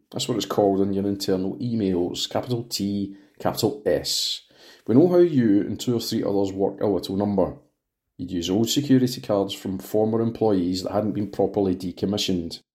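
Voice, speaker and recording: A man's voice: fairly low pitch, normal speed, a little mellow, natural voice. A man reading the part of a genial, needling male police detective.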